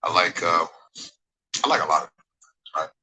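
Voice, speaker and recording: A man's voice: deep voice, normal speed, bright, forceful tone, husky, poor audio. A man in his forties giving a rambling livestream monologue, emphatic and digressive, repeating himself and often asking the viewers if they follow him while reading their chat comments. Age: 40s. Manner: emphatic, digressive, repeats phrases, asks for agreement.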